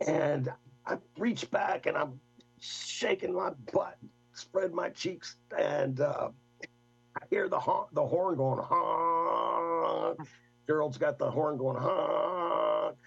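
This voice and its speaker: An older man, a guest, telling a rambling, animated story in casual talk. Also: a little high, takes it slowly, vocal fry, husky, dull audio. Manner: rambling, animated anecdote with laughs.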